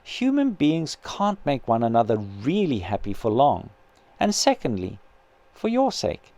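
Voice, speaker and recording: A man reading aloud as a patient male spirit who gently and earnestly persuades his grieving sister. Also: medium pitch, measured pace. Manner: calm, kindly, earnest persuasion.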